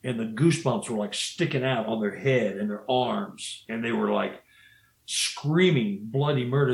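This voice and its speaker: A guest storyteller with a creaky, medium-pitched voice spins a tale at a measured pace, the room giving it a noticeable echo. He's casual and rambling, often restarting sentences and saying "you know."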